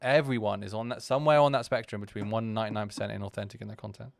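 A man hosting a podcast talks through his own video in a loose, rambling way, circling back with lots of restarts and asides. He is candid and self-deprecating, in a crisp, resonant voice recorded dry and close. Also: on the low side, steady tone, very fast, no room sound. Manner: rambling, full of "you know" and restarts. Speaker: podcast host.

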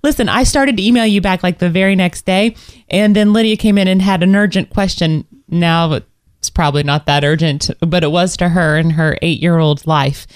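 A woman's voice: lowish voice, moderate pace, no room sound. Chatty self-deprecating woman co-host, dry sound. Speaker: podcast co-host. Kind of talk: casual chat.

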